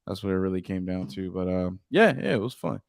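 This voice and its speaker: A man's voice: low voice, expressive, fairly quick, smooth, dry recording, clean studio sound. A man with a Southern US accent, co-hosting a podcast in casual chat and telling stories with laughs. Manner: laid-back, laughing storyteller. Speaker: podcast co-host.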